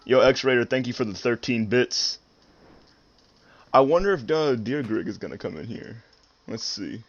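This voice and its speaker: A nineteen-year-old man hosting a live stream, talking easily with halting fillers. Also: mid-range voice, muffled recording, faint music behind. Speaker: streamer host. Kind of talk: casual live-stream chat.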